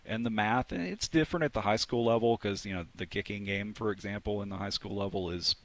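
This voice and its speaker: A man's voice: on the low side, fast, a bit bright. A man who teaches sports analytics, chatting eagerly in a radio interview and often restarting his phrases.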